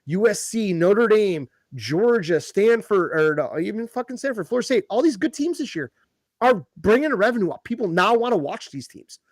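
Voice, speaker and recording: A man's voice: high voice, very animated, moderate pace, no room sound, clean studio sound. A man co-hosting a podcast in casual chat, rambling and swearing as he gets worked up. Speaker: podcast co-host.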